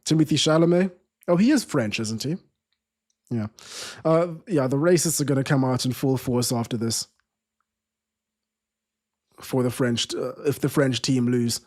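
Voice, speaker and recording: A man's voice: medium pitch, unhurried, long pauses, a little mellow. A man hosting a live football watchalong stream, chatting casually, restarting sentences and reading viewer comments aloud.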